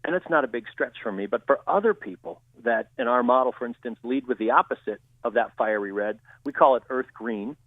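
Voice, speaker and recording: A man who trains people in communication, answering interview questions in a steady, explanatory way. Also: mid-range voice, brisk, hardly any pauses, no room sound. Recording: tinny phone-line audio.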